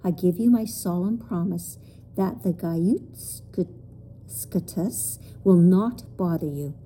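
A woman voicing a kindly, regal male creature king in a storybook reading, slow and stately. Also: mid-range voice, big pitch swings, dark tone, slight background noise, natural voice, low-quality recording. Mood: solemn.

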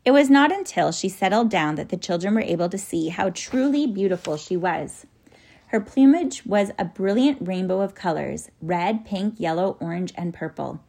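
Gravelly low-voiced woman narrator. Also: animated, normal speed, a little mellow. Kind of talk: audiobook storytelling.

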